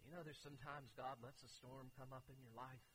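A man pastor preaching a sermon to his congregation, swinging from hushed, quiet passages to loud, urgent outbursts. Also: medium pitch, fairly even intonation, brisk, slight background noise, low-quality recording. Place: church sanctuary.

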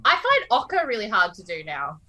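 Bright-voiced playful woman. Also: medium pitch, huge pitch swings, a little fast. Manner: teasing, playful. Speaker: podcast co-host. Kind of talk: casual chat.

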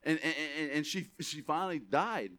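Male pastor, emphatic sermon delivery, high and sharp tone. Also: expressive, moderate pace. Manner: emphatic preaching, rising to shouts then dropping soft.

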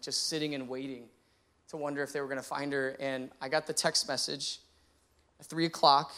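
Young guy pastor telling his own story in a sermon, earnest, voice on the higher side. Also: sharp tone. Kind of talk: personal testimony sermon.

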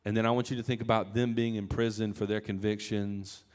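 A man delivering a sermon in an easygoing, conversational style. His voice sits a little low, and he animates the scripture by acting out quoted speech. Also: normal speed. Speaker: pastor.

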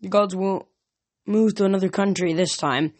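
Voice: mid-range voice, fairly even intonation, moderate pace, natural voice. A reader voicing a tough, defiant girl warrior.

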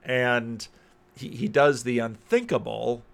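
A man's voice: mid-range voice, slow, vocal fry. A man who is a Christian minister, giving reflective video commentary and thinking aloud, often repeating words and phrases.

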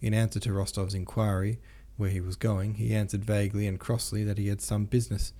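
A man narrates a classic novel as an audiobook, reading steadily and plainly. His voice sits low with a dark, mellow timbre. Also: level tone, fairly quick.

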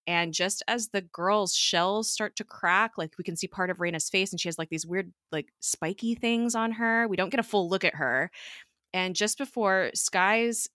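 A woman's voice: mid-range voice, sharp tone, no room sound, studio quality. A woman co-hosting a podcast, recapping an episode in a casual, chatty way, with plenty of fillers and frequent laughs. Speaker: podcast co-host.

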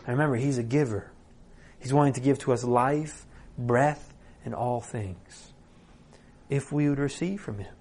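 A man's voice: mid-range voice, normal speed, long pauses, darkish tone, slightly rough. A man in his thirties preaching a sermon, telling the story with rhetorical questions. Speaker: pastor.

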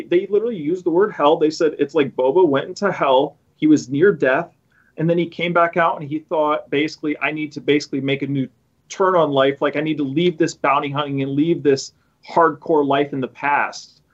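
A man's voice: a little high, a little fast, muffled recording. A man hosting a podcast, chatting casually and sarcastically with lots of restarts. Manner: rambling, many restarts, sarcastic asides. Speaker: podcast host. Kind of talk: casual chat.

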